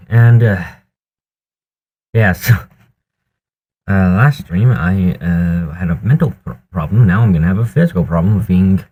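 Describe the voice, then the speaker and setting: A man chatting on his stream while still out of breath, halting and trailing off between sighs. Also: sits low, warm tone, breathy edge. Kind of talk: casual stream chat.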